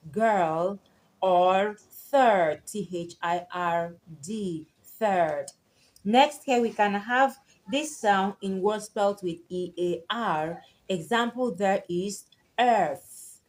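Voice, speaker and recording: A woman of medium pitch gives an unhurried English pronunciation lesson. She spells each example word out letter by letter and says it again with its long vowels drawn out for emphasis. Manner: spells words letter by letter and repeats them; stretches target vowels for emphasis. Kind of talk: slow, deliberate pronunciation lesson.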